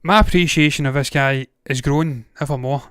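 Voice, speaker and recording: Blunt Scottish man ranting, crisp voice. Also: on the high side, a little fast, a bit bright, dry recording, studio quality. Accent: Scottish, Glaswegian. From Scotland. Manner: blunt, swearing, digressive rants. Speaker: movie news host. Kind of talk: casual opinionated commentary.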